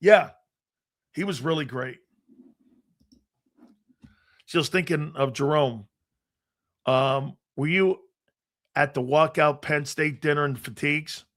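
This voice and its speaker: A middle-aged man hosting a sports talk show, telling a profane, animated story and acting out the other voices. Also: a little high, takes it slowly, pauses often. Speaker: sports talk radio host.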